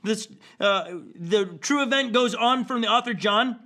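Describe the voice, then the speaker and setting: A man's voice: very high voice, measured pace, pushed and bright. A man preaching a conversational sermon as a pastor, casual and playful, often checking in with "okay?" and filling with "like.". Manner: acts out quoted characters with a chuckle.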